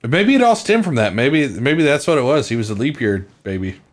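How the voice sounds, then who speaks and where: A man in the middle of his range co-hosts a casual podcast, with a lively, bouncing pitch. He jokes dryly and swears freely in loose banter. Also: a little fast. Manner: swears freely, wry and joking. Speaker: podcast co-host. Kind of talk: casual true-crime podcast chat.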